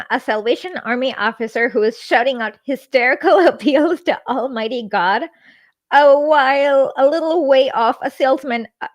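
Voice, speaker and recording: A woman hosting a livestream, reading a book aloud and breaking off for chatty asides and self-corrections. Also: fairly high pitch.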